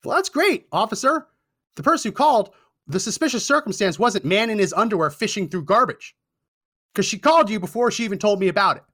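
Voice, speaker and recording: A man's voice: high-pitched, expressive, fast, pushed and bright. A young man hosting a talk show, telling a story with indignant sarcasm. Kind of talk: storytelling commentary.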